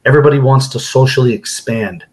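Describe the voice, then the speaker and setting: A man's voice: medium pitch, quick pace. A man being interviewed as an author guest, explaining his ideas confidently in casual conversation.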